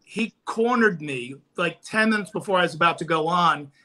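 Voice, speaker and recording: Bright high-voiced storytelling man. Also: normal speed. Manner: animated, acts out quotes. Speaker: guest comedian. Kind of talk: casual storytelling. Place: podcast studio.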